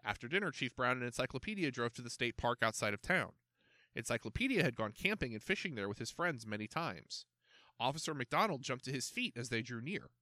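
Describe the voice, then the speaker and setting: Animated, bright-voiced male storyteller. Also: mid-range voice, fairly quick, no echo. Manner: expressive, animated reading. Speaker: narrator. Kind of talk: storybook read-aloud.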